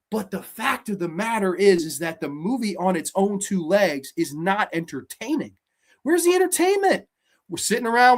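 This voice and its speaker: A man hosting a horror show, ranting in a casual, profane, sarcastic way, swinging between loud outbursts and low muttering. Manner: mocks characters in silly voices. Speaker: horror podcast host. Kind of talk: casual ranting movie review.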